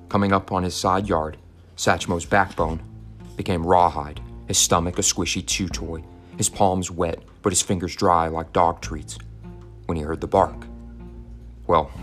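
Deep-voiced man teacher reading aloud. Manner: steady storytelling read, then halting chat with restarts. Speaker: teacher and podcast host. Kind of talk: reading a children's novel aloud, then casual chat.

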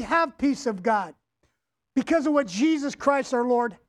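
A man's voice: very high voice, unhurried. A male pastor preaching a sermon, emphatic, repeating key words and having the congregation say them back. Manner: addresses the congregation directly.

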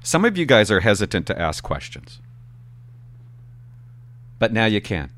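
A man, a former police officer telling stories in a casual, animated and profane way. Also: on the low side, normal speed, pauses often. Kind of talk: casual storytelling to camera.

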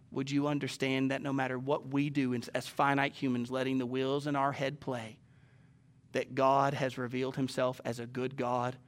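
A man preaching a sermon as pastor, firing rhetorical questions and swinging between emphatic raised lines and soft hushed ones. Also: medium pitch. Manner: asks the congregation many rhetorical questions.

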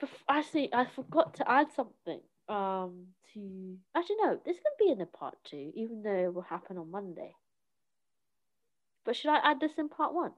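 A woman's voice: medium pitch, sing-song, normal speed. A young woman from South London, co-hosting a podcast. She keeps interrupting herself and giggling. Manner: scatterbrained, self-interrupting, giggly. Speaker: podcast co-host. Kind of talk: casual chat. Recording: dull lo-fi recording.

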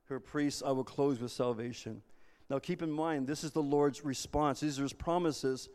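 A man's voice: mid-range voice, normal speed, a little mellow, clear, resonant tone. A man preaching a sermon as pastor, earnest and repeating himself as he restarts phrases. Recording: long reverb of a large hall.

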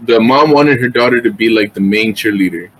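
A man co-hosting a podcast in casual chat, explaining things in a slow, laid-back way. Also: fairly low pitch, a crowd in the background, rough recording. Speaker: podcast co-host.

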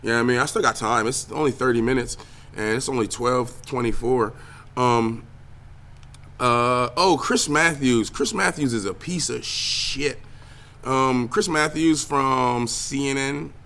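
A young man with a medium-pitched voice and measured pace hosts his own podcast, ranting casually and profanely about video games and the news. He's an animated podcast host and streamer whose solo rant trails off into lots of filler words.

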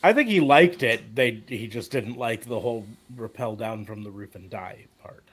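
Joking man in mid-pitch podcast banter. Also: moderate pace. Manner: joking, animated storytelling. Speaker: podcast co-host. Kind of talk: casual podcast chat.

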